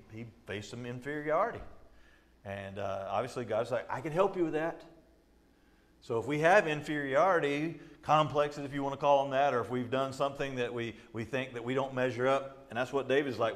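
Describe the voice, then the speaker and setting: A middle-aged male pastor teaching a Bible study in a conversational way, with frequent fillers and repeats, often acting out quoted voices and laughing. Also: medium pitch.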